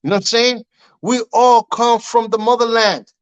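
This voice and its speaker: A man's voice: extremely high pitch, normal speed, clean tone, dull audio. A middle-aged man of Cuban heritage, a guest telling stories in a casual interview and acting out the voices in them. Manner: animated storyteller, acts out quotes, frequent "you know what I'm saying".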